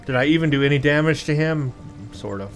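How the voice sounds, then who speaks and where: A man's voice: on the high side, fast talker, faint music behind. A man hosting a let's play, giving gameplay commentary in a self-deprecating, exasperated way.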